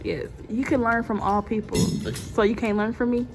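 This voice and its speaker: A woman's voice: a little high, moderate pace, vocal fry, over music. A woman filming a casual family vlog while walking around a public attraction, teasing and laughing as she talks to the camera. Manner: playful, teasing, laughs often. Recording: noisy handheld phone audio.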